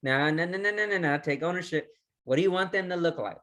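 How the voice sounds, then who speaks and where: A man's voice: fairly high pitch, quick pace, bright, forceful tone. A man leading a recorded training lesson, speaking with energy, firing off repeated questions and restarting his words. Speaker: resilience trainer.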